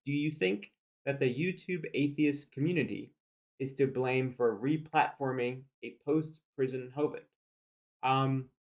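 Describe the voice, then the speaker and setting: A man hosts a livestream and reacts out loud in a relaxed, meandering way. His voice sits at an ordinary middle pitch, and he pads his thoughts with fillers. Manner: conversational, many fillers and asides. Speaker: livestream host reacting to a debate video. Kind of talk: casual commentary.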